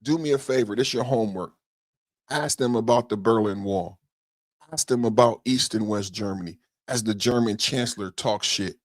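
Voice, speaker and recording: A man hosting a podcast, giving political commentary in an indignant, profane rant that builds into shouting. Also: fairly low pitch, normal speed, no room sound, studio quality. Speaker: podcast host.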